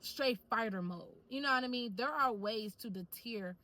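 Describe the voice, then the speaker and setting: A young woman vlogging casually to camera, telling stories in an animated, chatty way full of slang. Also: a little high, normal speed, rough recording.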